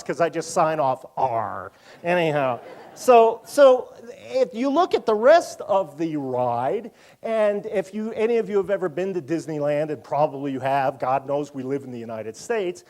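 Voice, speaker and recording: A man in his fifties giving a public lecture in a museum auditorium, animated and full of joking asides. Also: a little high. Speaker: university lecturer.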